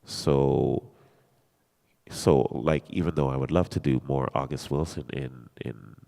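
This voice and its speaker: Male actor, very low voice, earnest and encouraging panel speaker; live hall echo. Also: fairly even intonation, a little slow, creaky, warm tone. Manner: earnest, encouraging, restarts phrases. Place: theater hall at a live talk. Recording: long reverb of a hall.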